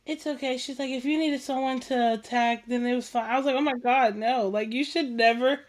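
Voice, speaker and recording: A woman hosting a casual chat show, telling stories in an animated, slangy way, acting out what people said and laughing often. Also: high-pitched, a little fast. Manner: animated storytelling, acts out quoted dialogue, laughs often; slangy and informal. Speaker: podcast host.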